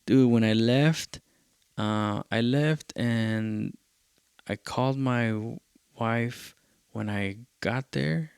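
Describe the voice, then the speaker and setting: Gravelly El man telling a story. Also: mid-range voice, very slow, a little mellow, no echo, clean studio sound. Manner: profane, loose, slips into Spanish phrases. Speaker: podcast host. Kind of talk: casual rambling storytelling.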